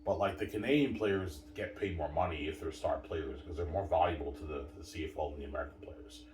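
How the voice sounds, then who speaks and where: Man, very low voice, rambling emphatic monologue, repetitive, roomy echo, distant mic. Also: fast, darkish tone, slight background noise. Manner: repetitive, emphatic, keeps saying obviously and addressing viewers. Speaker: sports commentator.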